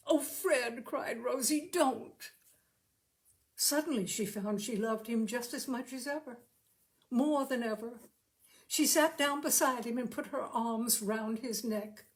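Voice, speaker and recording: A tender young wife speaks softly, comforting and hushed, as a woman reads her aloud. Her delivery is slow and her voice fairly high. This is a storybook reading. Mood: soothing. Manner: soft, soothing.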